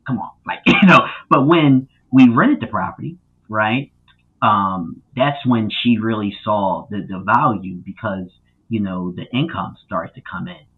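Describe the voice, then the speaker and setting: A man who is a guest on a podcast, telling his story in a casual, animated way with many fillers and loud acted-out quotes. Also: fairly low pitch, measured pace, husky. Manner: animated, lots of fillers, acts out quotes loudly. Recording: tinny phone-like line.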